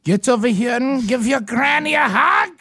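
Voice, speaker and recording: A man's voice: very high-pitched, extremely slow, dark tone, breathy edge, voice pushed up, exaggerated voice. A man voicing a stern old grandmother with a German accent, clipped and bossy. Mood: scolding.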